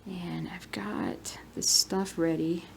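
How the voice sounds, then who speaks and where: A woman, chatting softly and rambling as she cross-stitches. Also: fairly low pitch, fairly even intonation, slow pace, gravelly, slight background noise. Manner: soft-spoken, rambling, murmurs to herself while working. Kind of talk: relaxed stitch-along chat.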